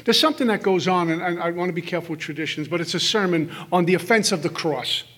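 A man's voice: high-pitched, fairly bright tone, husky. A middle-aged man speaking at a recovery workshop, telling stories and acting out the voices in his head for a live audience. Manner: storytelling, acts out inner voices with quick asides. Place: meeting hall with audience.

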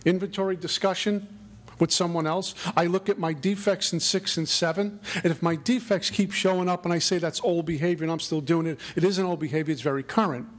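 A middle-aged man with a notably high, steady voice gives a spiritual recovery talk at a brisk pace. He sounds earnest and reflective, with a preacherly lilt to his phrasing.

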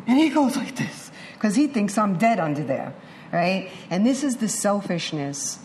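A middle-aged woman shares a recovery story as a candid personal testimony before an audience, acting out the voices of people she quotes in animated fashion. Her voice is medium-pitched and a little slow, with slight background noise.

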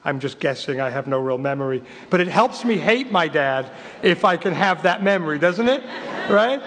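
An English-born man in his fifties gives an emphatic, repetitive recovery talk laced with wry humor and reads from a book. His voice is a little high and fairly bright, with lively intonation at normal speed. The big-room sound carries a little hiss or hum.

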